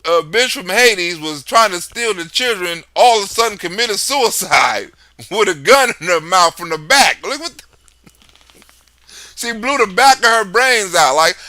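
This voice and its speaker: A man's voice: sits high, pushed and bright, no room sound. A man hosting a livestream, talking in a loose, profane political rant, laughing often. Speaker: livestream host.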